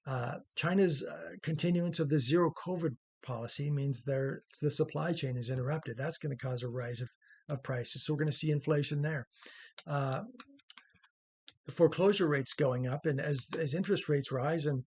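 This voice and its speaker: A man's voice: a little high, moderate pace, breathy edge. A middle-aged man hosting an opinion commentary monologue, rambling and conversational with many fillers and restarts, earnest in tone. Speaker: host.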